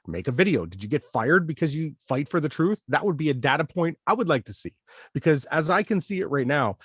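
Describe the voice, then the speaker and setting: A man's voice: medium pitch, husky, no room sound, clean studio sound. A man hosting a commentary show, ranting indignantly and emphatically about a clip he has just played. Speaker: channel host.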